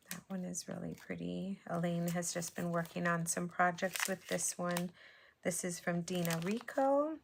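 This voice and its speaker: Woman from hawaii chatting slow about cards, bit of fry in her voice. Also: lowish voice, noisy background. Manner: unhurried, chatty, admiring. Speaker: papercraft vlogger. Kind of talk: casual show-and-tell chat.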